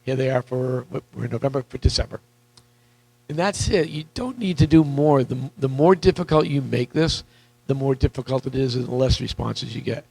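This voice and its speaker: A man coaching real estate agents in a live seminar, energetic and repetitive, questioning the audience, with a voice that is wearing out. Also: medium pitch, moderate pace, vocal fry, breathy edge, poor audio. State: losing his voice.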